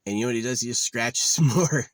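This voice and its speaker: A man's voice: mid-range voice, a little fast, dry recording. A man talking in a casual, rambling monologue, blunt and profane with a wry edge. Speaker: vlogger. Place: living out of his car.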